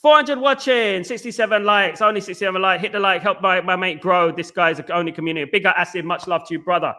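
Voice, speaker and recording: A Northern English man runs a casual fan livestream and chats through viewer comments. His voice sits high and sounds bright and forceful, and he keeps repeating words and shout-outs. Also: fast. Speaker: host of a football fan livestream. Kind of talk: casual live chat reading viewer comments.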